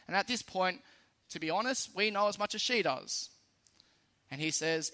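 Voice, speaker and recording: A man's voice: sits high, animated, normal speed, pushed and bright. A man with an Australian accent preaching a sermon in a conversational, lightly humorous way, stressing key phrases.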